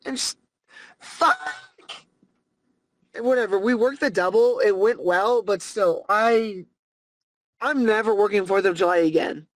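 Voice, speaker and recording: A young adult podcast host, telling a story in a profane, ranting, animated way. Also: mid-range voice, normal speed, no room sound, poor audio. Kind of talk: casual comedic storytelling.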